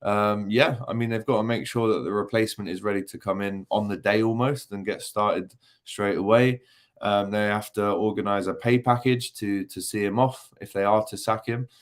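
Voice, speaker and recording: A young man hosts a relaxed post-match livestream, reading viewer comments aloud. He talks in a loose, teasing way, full of ums and asides. His voice sits a little low. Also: normal speed. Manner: chatty and jokey, many ums, teasing banter. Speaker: football channel host reading live chat.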